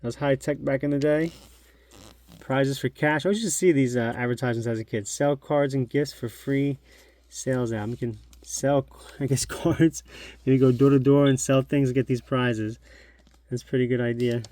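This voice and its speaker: In casual show-and-tell narration, a middle-aged collectibles-channel host reminisces over an old magazine at home, chatty and thinking aloud. His mid-range, warm voice has fairly even intonation at normal speed, with no room sound.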